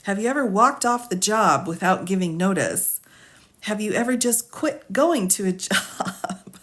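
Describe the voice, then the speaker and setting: A woman's voice: medium pitch, expressive, unhurried. A woman attorney on a live stream who reads questions from a legal form aloud, then muses over them with frequent laughs and asides. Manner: asides, musing and thinking out loud.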